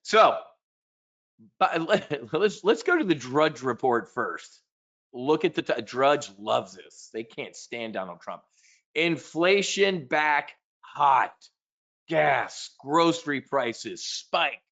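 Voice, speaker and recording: A man hosting a live market briefing, talking in a blunt, profane, animated rant. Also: a little high, slow pace. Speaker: trading show host.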